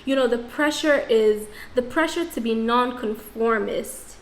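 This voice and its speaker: Talking to camera in an echoey room where faint music plays, a young Nigerian diaspora vlogger reflects frankly and questions herself, often starting sentences over. Her slightly high voice moves at a measured pace, with a little hiss or hum in the recording.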